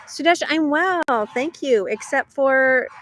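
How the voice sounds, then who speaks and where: A woman's voice: high-pitched, takes it slowly, a bit bright, slight background noise. A middle-aged woman hosting a live English lesson stream, chatty and reading viewer comments aloud, laughing often. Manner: laughs often between remarks. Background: dogs barking.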